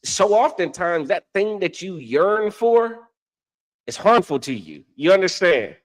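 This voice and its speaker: A man, co-hosting a religious talk show, preaching in a casual, animated way and often asking "you understand?". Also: high voice, unhurried. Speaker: religious podcast co-host.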